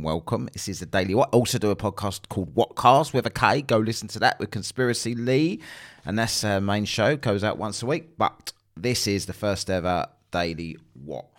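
Low-voiced podcast host ranting bluntly. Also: male voice. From England. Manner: sarcastic. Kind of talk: casual podcast monologue.

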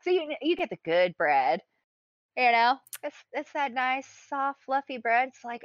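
A woman's voice: sits high, expressive, a little slow, dry recording, highs cut off. A woman co-hosting a podcast, telling a story casually with some swearing. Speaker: podcast co-host.

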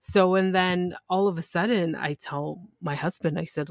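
Excitable woman podcaster telling a story. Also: fairly low pitch, moderate pace, few pauses, no echo, clean studio sound. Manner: animated, excitable retelling. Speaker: podcast host. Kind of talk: casual storytelling.

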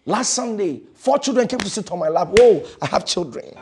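A male pastor preaching a fervent sermon in a church, repeating phrases and swinging between loud declarations and hushed lines. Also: high-pitched, big pitch swings, fairly quick, hardly any pauses, breathy edge.

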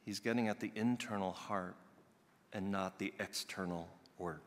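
A male pastor preaching a sermon in an earnest way, building to loud emphatic peaks and dropping soft again. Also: low-pitched, moderate pace. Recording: long reverb of a large hall.

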